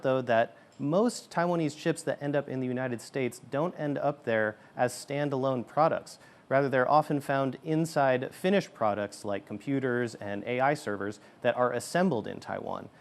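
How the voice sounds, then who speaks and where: A man reporting as a news correspondent, with a measured, explanatory delivery and occasional fillers. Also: mid-range voice.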